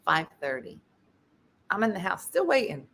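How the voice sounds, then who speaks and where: A woman tells a comic story to her audience, her voice bright and forward. Her pitch leaps around as she acts out each part. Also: normal speed, vocal fry. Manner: animated, acts out quoted voices. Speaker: host.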